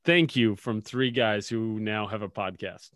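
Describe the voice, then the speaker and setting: A man's voice: on the low side, measured pace, a bit bright, dry recording, clean studio sound. Laughing, swearing podcast guy. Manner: swears a lot, laughs at his own stories. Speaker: podcast co-host. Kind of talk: casual sports podcast chat.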